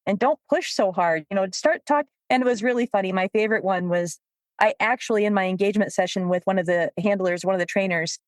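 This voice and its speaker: A woman co-hosting a podcast, a dog trainer telling stories with a lively manner and frequent laughter. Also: mid-range voice, fast, no room sound, clean studio sound. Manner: lively storyteller, laughs often. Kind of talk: casual podcast chat.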